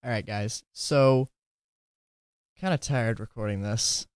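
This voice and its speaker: A tired man hosts a casual solo podcast, rambling, giggling, self-deprecating, and sometimes slurring his words. He takes it slowly in a smooth, medium-pitched voice. The recording is dry and clean, with studio sound.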